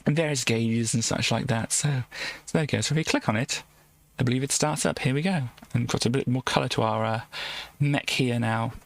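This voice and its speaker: A man's voice: medium pitch, brisk. A man streaming a game live, reading its text aloud and adding wry asides, often restarting sentences and repeating words. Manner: wry asides between read passages.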